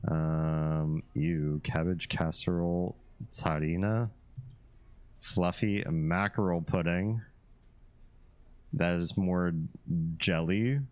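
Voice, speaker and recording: A man's voice: deep voice, slow pace, long pauses, clear, resonant tone. A man hosting a live stream, chatting casually with viewers, reading their comments and laughing often. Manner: relaxed, chatty, laughs often, reads chat aloud.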